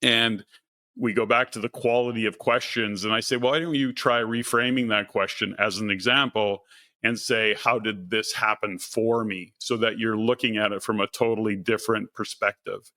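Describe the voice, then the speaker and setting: Guy hosting a podcast, bright voice, rambles in long winding thoughts. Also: fairly low pitch, steady tone, normal speed. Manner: thinks aloud in long, looping sentences. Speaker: podcast host. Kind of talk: conversational interview.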